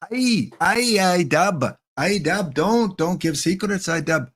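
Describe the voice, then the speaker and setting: A man putting on an exaggerated fake Canadian accent as a jokey hockey fan, tagging his lines with drawn-out "eh". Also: mid-range voice, animated, slightly rough.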